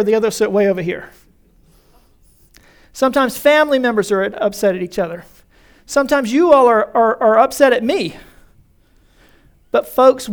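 A male pastor preaching a conversational sermon in a church, calling his congregation folks. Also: extremely high pitch.

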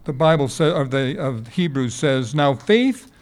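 Elderly preacher telling folksy stories. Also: male voice, medium pitch, expressive, a little slow. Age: 80s. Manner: folksy storytelling with rhetorical questions. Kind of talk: sermon. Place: before a congregation.

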